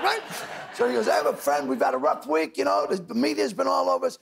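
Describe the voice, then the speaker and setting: An older man, a talk show guest telling loud rapid anecdotes and acting out other people's lines. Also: very high voice, very animated, vocal fry, husky. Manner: loud rapid storyteller, doing voices of others. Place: TV studio with audience.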